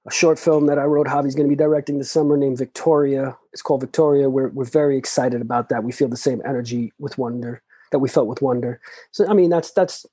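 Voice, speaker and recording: Husky, fairly high-voiced man, dry sound. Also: fairly even intonation, fast talker, dark tone, no room sound. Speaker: guest. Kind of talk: casual interview chat.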